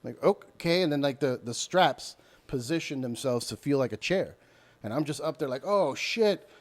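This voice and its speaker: A man guesting on a podcast, telling a story in a loose, animated way and acting out other people's voices. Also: mid-range voice, moderate pace. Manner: animated, acts out voices and yells mid-story. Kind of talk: casual storytelling.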